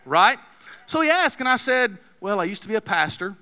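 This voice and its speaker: A man's voice: sits high, big pitch swings, normal speed, pushed and bright. A man, preaching a sermon in a folksy, joking, conversational way, telling a story to his congregation. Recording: long hall reverb.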